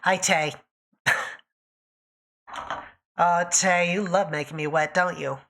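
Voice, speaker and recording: A woman's voice: fairly low pitch, fairly even intonation, takes it slowly, fairly bright tone. A woman streaming live, chatting casually and teasing her viewers by name while she draws.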